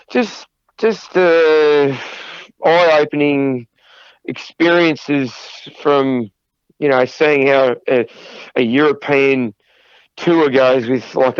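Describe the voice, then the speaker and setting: A man's voice: medium pitch, clean tone, dry recording, muffled recording. A middle-aged man, a podcast guest telling profane road anecdotes between bursts of laughter. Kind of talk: casual storytelling interview.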